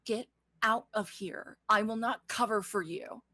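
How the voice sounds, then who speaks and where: A woman voicing a tense, guarded woman who is torn between anger and longing, talking clipped, urgent and half-hushed. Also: mid-range voice, a little slow, no echo.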